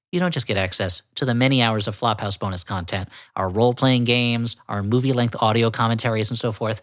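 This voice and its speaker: A man hosting a comedy podcast, chatting about a film and pitching memberships in a playful, mock-grand way. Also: fairly bright tone. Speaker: podcast host.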